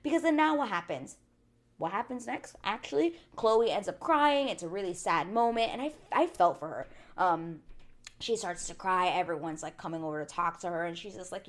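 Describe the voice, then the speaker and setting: A woman's voice: lowish voice, expressive, fairly quick. A woman hosting a casual TV recap vlog, chatty and blunt, full of "like" fillers and swearing. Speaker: TV recap channel host.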